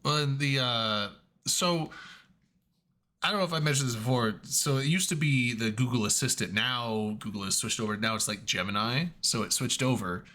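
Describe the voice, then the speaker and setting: Brief: bright, profane male co-host, casual storytelling. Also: mid-range voice. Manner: profane, storytelling, quick bursts. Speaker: podcast co-host. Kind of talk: casual chat while gaming.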